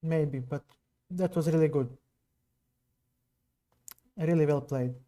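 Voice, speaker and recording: Male chess streamer from Serbia, non-native English accent, slow unhurried delivery, soft dark tone. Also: a little high. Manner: slow, musing, chats with viewers between moves. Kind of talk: live stream commentary while playing.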